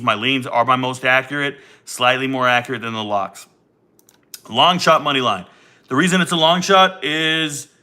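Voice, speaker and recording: A man hosting a casual livestream, brash and joking, talking through his betting picks and teasing chat. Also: bright, forceful tone. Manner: brash, joking, jumps into high teasing voices. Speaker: sports betting streamer. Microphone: desk mic.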